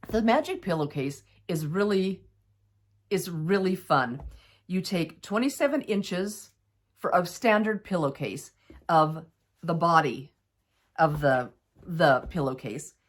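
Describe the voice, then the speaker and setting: A middle-aged woman hosting a casual quilting tutorial, chatty and upbeat as she explains each step. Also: fairly low pitch.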